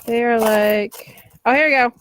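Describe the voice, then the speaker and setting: A woman's voice: on the high side, takes it slowly, a little hiss or hum. A woman crafter chatting casually through a live demo at home, rambling and acting out what customers might say. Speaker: polymer clay crafter selling ornaments.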